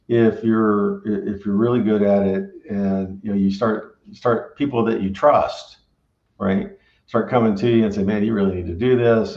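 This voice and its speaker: A pitmaster who owns a barbecue restaurant rambles out casual advice, heavy on filler and forever tacking on "right?". His pitch is fairly low with vocal fry, and the audio is roomy, dull, and lo-fi.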